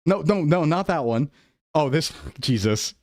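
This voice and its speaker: This male VTuber speaks at a measured pace with a voice on the high side and lively intonation. During his casual livestream on a desktop streaming mic, he laughs and flusteredly defends himself.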